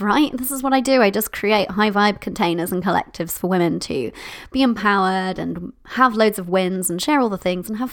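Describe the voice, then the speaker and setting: A woman's voice: medium pitch, fairly bright tone. A woman hosting a podcast as a business coach, bubbly and gushing, laughing often and calling listeners "my love". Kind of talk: upbeat podcast monologue.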